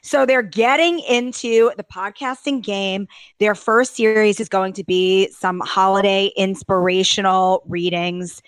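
A woman co-hosting a casual celebrity gossip podcast, talking with exaggerated, animated outrage. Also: a little slow, clean tone, no room sound, poor audio. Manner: animated, exaggerated outrage, leaps to high pitch. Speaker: podcast co-host.

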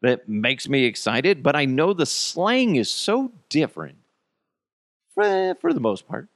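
Profane, animated American man ranting. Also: medium pitch, measured pace, creaky, no echo. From United States. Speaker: podcast host. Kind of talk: casual solo podcast rant.

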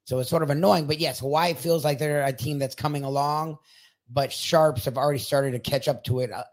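A man co-hosting a sports betting talk show, speaking in a measured, mildly exasperated way. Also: fairly high pitch, fairly even intonation.

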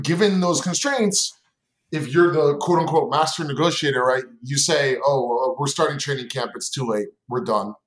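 Man in an echoey room, chatty co-host. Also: mid-range voice. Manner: conversational, hedging with fillers. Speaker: podcast co-host. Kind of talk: casual podcast chat. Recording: roomy echo.

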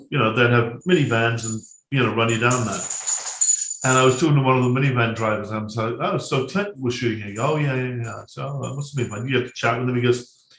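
A man's voice: mid-range voice, a bit bright, reverberant. A man, a film director, telling stories from his shoots in a rambling casual way, full of restarts and asides. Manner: rambling, many restarts and asides, laughs at own jokes.

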